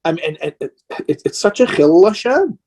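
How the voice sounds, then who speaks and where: A man's voice: high-pitched, big pitch swings, a little fast, darkish tone, breathy edge. A man speaking as a rabbi in an impassioned question-and-answer talk, earnest and emotional, sounding tired and worn down.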